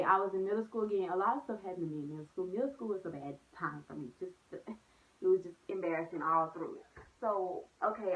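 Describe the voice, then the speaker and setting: A young woman chatting casually in a vlog, telling stories with lots of slang and "like"s. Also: on the low side. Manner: animated storytelling with slang and many "like"s. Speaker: vlogger. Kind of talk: storytime vlog, casual chat. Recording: phone-like narrow sound.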